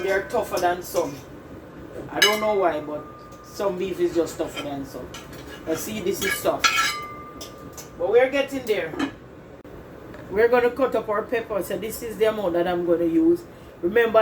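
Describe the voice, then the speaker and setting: A woman's voice: mid-range voice, noisy background. A woman hosting a casual home cooking demonstration in a kitchen, chatting straight to her viewers and repeating herself as she goes. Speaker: cooking channel host.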